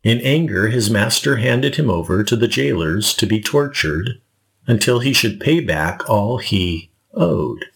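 A man's voice: lowish voice, expressive, unhurried, gravelly. A male pastor preaching a sermon, explaining scripture with rhetorical asides and questions to the congregation.

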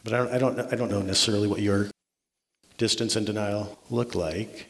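A man delivers a sermon in a low, earnest voice, circling back on his words and tossing in "right?" as he goes. His voice rings out with the long reverb of a large hall. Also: fairly even intonation, brisk, fairly bright tone. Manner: earnest, repeats words and restarts, asks "right?" often. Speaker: pastor.

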